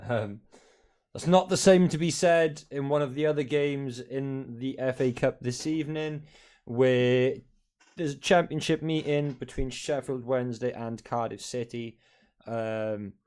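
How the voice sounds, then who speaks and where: A man hosts a live football watch-along from in front of his television at home. He talks loosely and casually, rattling off scores and team sheets, with the odd swear word and a habit of winding up his viewers. His voice sits at an ordinary middle pitch for a man. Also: darkish tone, clean tone. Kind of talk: casual live-stream chat.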